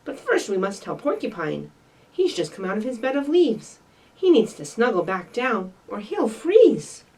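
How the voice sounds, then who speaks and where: Woman doing two fretful storybook birds, loud and high, distant mic. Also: very animated, moderate pace. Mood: worried. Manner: calling out, worried. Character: pair of anxious songbirds.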